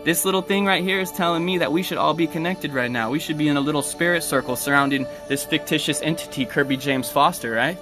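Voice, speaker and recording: A man's voice: on the high side, quick pace, few pauses, over music. A man outdoors ranting preachily on a live video from his phone, rambling and restarting words as he addresses viewers by name. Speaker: livestreamer. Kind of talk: impassioned live video rant.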